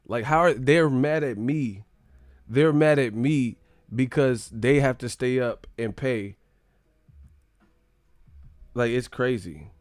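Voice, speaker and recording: A man's voice: medium pitch, no echo, clean studio sound. A young man hosting a live stream, casually swearing and mocking his chat in slangy talk.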